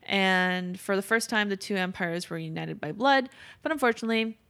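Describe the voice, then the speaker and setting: Here a young podcast host tells history in a loose, chatty way, wandering off track, cursing, and fixing her own mistakes. Her voice sits at medium pitch with a clear, resonant, slightly bright tone, and she keeps a moderate pace.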